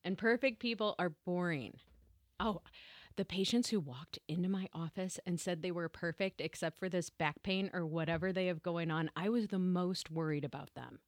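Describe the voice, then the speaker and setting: A woman co-hosting a podcast, speaking candidly and laughing easily in casual reflective conversation, with slow, deliberate phrasing. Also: lowish voice, dry recording, clean studio sound. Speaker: podcast co-host.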